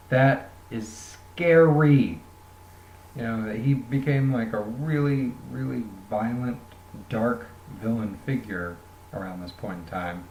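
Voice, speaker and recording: A man's voice: mid-range voice, measured pace, a little mellow. A man casually reviewing a graphic novel, rambling and joking with lots of fillers. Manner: rambling, jokey, many fillers. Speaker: comic book reviewer. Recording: roomy echoey room.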